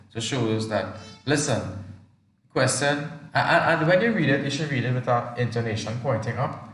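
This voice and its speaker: The teacher's voice is medium in pitch, carrying a little hiss or hum. Running an online exam review class, he fires questions at students and reads lines aloud to model intonation; the sound is echoey, from a far-off mic.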